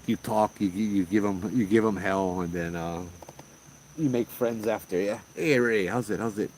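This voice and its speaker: A man's voice: on the low side, normal speed, slight background noise. A middle-aged man from Hawaii with a Hawaiian Pidgin accent, hosting a casual chat and telling stories with lots of laughs. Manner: laid-back storytelling, animated quoted voices, laughs often. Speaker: podcast host.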